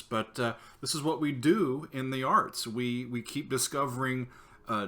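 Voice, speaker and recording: A composer hosting his own video show, talking about a new piece in a halting, earnest way with many filler pauses. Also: medium pitch, a bit bright. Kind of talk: casual talk to camera about his music.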